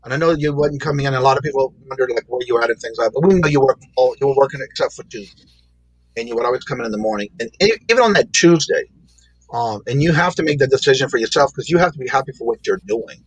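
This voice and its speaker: Husky-voiced man hosting a live chat. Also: mid-range voice, animated, fast, no room sound, rough recording. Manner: greets chat viewers by name, laughs often. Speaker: livestream host.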